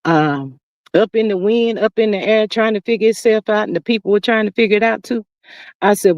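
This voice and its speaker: A middle-aged woman hosting a livestream, chatting casually with viewers and reading their comments in an animated, talkative way. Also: mid-range voice, fairly quick, no echo, muffled recording. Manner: chatty and animated, calls viewers "child" and "y'all". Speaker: livestream host. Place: sitting outdoors.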